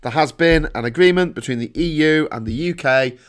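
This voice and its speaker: A man's voice: a little high, fairly quick. Scouse guy chatting on his live stream, middle-aged, jokey, reads out comments. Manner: chatty, joking, reads viewer comments aloud. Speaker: livestream host. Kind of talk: casual live stream chat.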